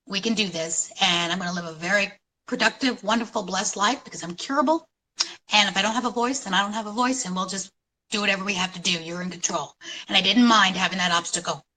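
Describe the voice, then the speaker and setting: A middle-aged woman from New York City telling her story at a conference in an animated, storytelling way, with dramatic pauses. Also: medium pitch, poor audio. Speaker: conference speaker. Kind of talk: inspirational talk.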